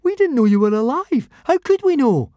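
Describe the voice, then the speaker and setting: A man voicing a timid young boy sidekick in an audiobook, in a squeaky high voice. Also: very animated, normal speed, dark tone, dry recording, studio quality. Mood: protesting. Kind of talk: audiobook character voice.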